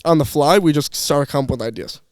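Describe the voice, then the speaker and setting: A young man, a former employee appearing as a podcast guest, chats casually and tells meandering stories, restarting and laughing as he goes. His voice is on the high side and fast, with no echo.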